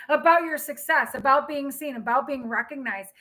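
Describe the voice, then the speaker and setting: Woman tarot reader, high bright voice, excitable, talking straight to her viewers on a live stream. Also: normal speed, poor audio. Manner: excitable, exclaiming and laughing.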